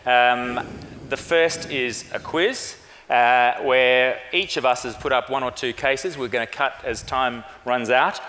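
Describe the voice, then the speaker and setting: A man presenting a quiz on stage, relaxed and chatty with fillers. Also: mid-range voice, unhurried, long reverb tail, slight background noise. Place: large conference hall.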